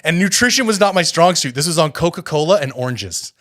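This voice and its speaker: A man from Canada hosting a podcast, telling a personal story in a casual, animated way and getting fired up, with many filler words. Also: on the high side, fairly quick. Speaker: podcast host.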